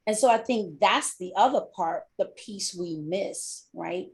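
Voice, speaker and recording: A woman's voice: medium pitch, expressive, measured pace. Candid middle-aged woman podcast host. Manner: candid, repeats phrases for emphasis. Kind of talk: personal storytelling podcast.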